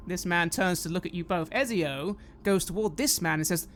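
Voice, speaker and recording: A woman's voice: fairly low pitch, moderate pace, hardly any pauses. A woman narrating a tabletop game as game master, describing scenes and asking players what they do. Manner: descriptive, occasionally hesitant.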